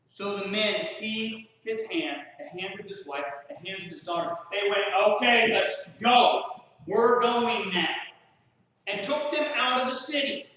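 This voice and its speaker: A male pastor preaches in a folksy way with a high, bright voice. He is heard from a distance in a small church, and his voice echoes through the long reverb of the hall. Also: animated, moderate pace, few pauses. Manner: folksy, acts out quoted voices. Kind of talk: sermon.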